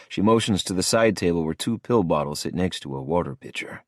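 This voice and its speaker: A man's voice: low-pitched, animated, normal speed, hardly any pauses, no room sound. A man narrating a first-person audiobook in a cool, hard-edged manner, close to the mic.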